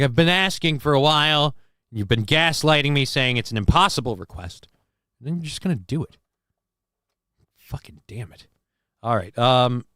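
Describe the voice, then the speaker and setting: A man's voice: mid-range voice, fairly bright tone, smooth, dry recording, studio quality. A man hosting a casual live-stream show, reading chat messages aloud and riffing on them in a crude, joking, rambling way.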